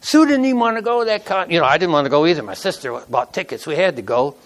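A pastor in his sixties delivers a casual, folksy sermon in everyday speech, telling stories and acting out quotes conversationally. His voice is a little high, animated and quick.

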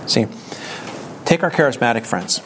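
A man's voice: mid-range voice, expressive, normal speed, background noise. A man giving a conversational sermon as a Bible teacher, asking rhetorical questions and reading scripture aloud.

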